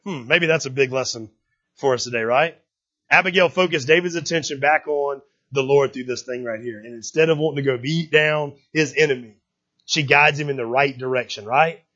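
A man's voice: medium pitch, fairly quick, bright, forceful tone, muffled recording. A man preaching a sermon in a conversational way, often repeating words and checking in with the congregation. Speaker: pastor.

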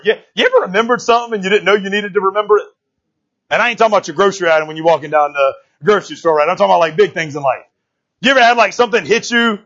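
A man's voice: sits high, rapid-fire, a bit bright, lo-fi sound. A man preaching a casual sermon in a church, talking in a folksy, joking way and often asking "right?". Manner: conversational, keeps asking "right?".

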